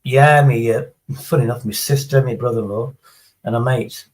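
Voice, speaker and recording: A man's voice: medium pitch, steady tone, normal speed, a little mellow, poor audio. A middle-aged man, chatting casually on a livestream in a rambling, sweary, sarcastic way. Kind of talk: casual chat.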